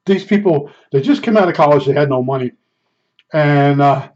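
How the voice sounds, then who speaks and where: A man with a somewhat high voice tells his stories casually, rambling and chuckling at himself. The sound is dull and lo-fi. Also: moderate pace, darkish tone. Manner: rambling, chuckling, self-deprecating. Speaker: storyteller. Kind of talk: casual storytelling. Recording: dull lo-fi recording.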